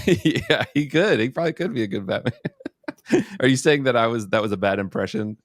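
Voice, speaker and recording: A man's voice: mid-range voice, lively intonation, fairly quick, no echo. A young adult man hosting a podcast, laid-back and joking, rambling a little as he wraps up. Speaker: podcast host. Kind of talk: casual podcast chat.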